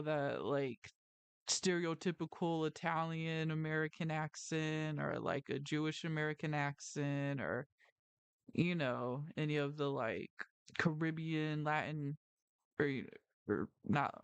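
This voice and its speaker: A host around thirty chats casually on a livestream, with a rounded, mouthful delivery that blurs some words. They keep drifting into tangents, restarting sentences and leaning on "like" and "you know". The voice is smooth and resonant, recorded dry and close. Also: medium pitch, dry recording. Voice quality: round, mouthful, mumbled articulation. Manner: tangent-prone, self-correcting, frequent "like" and "you know". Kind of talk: casual rambling chat. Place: lives in New Jersey.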